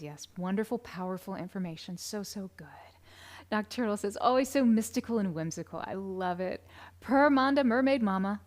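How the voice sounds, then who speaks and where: Woman reading out chat comments on a livestream, soft and breathy, slips into whispers, laughs a lot. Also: medium pitch. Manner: soft-spoken, often dropping to a whisper, bursts into laughter and sung greetings. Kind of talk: live stream chat, gentle and affirming.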